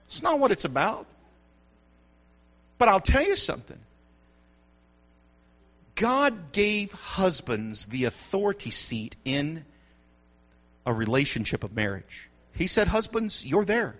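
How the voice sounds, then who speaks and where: High, lively pastor preaching. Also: male voice, slow, pauses often. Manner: preachy call-and-response, "come on" asides. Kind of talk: sermon. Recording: dull lo-fi sound.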